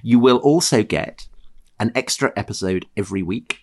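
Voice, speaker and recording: A man co-hosting a conversational history podcast, talking with animated emphasis and reading passages aloud. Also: lowish voice, normal speed, slight background noise. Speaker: podcast co-host.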